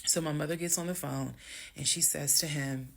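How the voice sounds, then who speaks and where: Animated gravelly woman telling a story. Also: deep voice, moderate pace. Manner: dramatic, animated storytelling with acted quotes. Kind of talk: storytime vlog.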